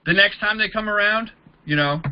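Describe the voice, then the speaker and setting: A man's voice: high voice, normal speed, clean tone, highs cut off. A man teaching a network marketing audience in a casual way, acting out both sides of the conversations he describes. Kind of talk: training talk to a group.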